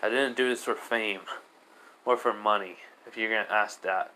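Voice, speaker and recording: A man voicing a calm teenage boy hero who talks in a flat, dismissive way. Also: on the low side, moderate pace, slight background noise, rough recording. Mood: cold.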